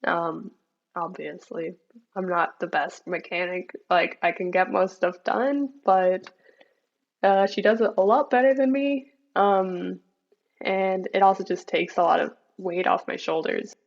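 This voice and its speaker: A young woman, a bike racer, chatting in a relaxed interview with lots of likes and ums over dull remote call audio. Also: fairly low pitch, unhurried, creaky. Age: young adult. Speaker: mountain bike racer, guest. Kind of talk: casual interview chat.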